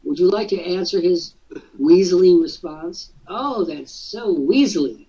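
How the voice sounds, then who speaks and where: Man, host, teasing coaching chat, husky, muffled far-off audio. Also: high voice, expressive, a little slow, mellow. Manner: jokey, teasing, breaks into mock voices. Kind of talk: casual coaching talk.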